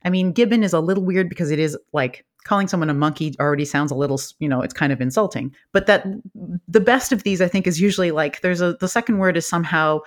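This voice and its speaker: Lively laughing linguist on a podcast. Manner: enthusiastic, laughing, quick pitch jumps. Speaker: linguist guest. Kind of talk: animated academic podcast interview.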